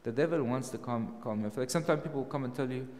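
A man preaching a sermon, emphatic and full of rhetorical questions, his voice rising to loud peaks. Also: medium pitch, very fast, big-room sound.

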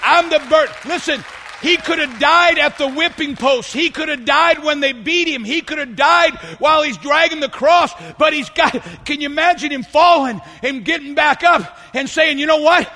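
A man preaching a fervent sermon to a congregation, often rising into shouts. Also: very high voice, normal speed, some chatter behind, a little hiss or hum. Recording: long hall reverb.

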